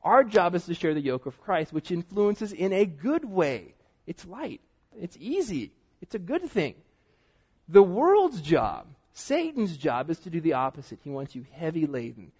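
A man preaching a sermon in a lively way, sometimes dropping to a quiet, stressed delivery. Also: high voice, a little slow, slightly rough. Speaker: pastor. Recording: dull sound with long hall reverb.

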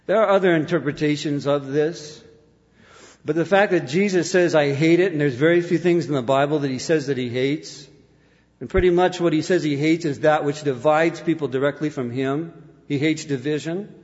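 A man with a fairly high voice delivers an impassioned sermon in a church. He swings from ringing declarations down to hushed, intense asides. The recording is muffled and lo-fi, with a long reverb tail from the hall. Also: moderate pace. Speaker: preacher.

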